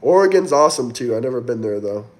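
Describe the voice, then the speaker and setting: A man talking casually on a livestream, reading out viewer comments and answering them in a loose, rambling way. His voice sits at a middle pitch for a man, easygoing and conversational. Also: expressive, fast talker, darkish tone. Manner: chatty, rambling, reads viewer comments aloud. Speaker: livestream host reading chat.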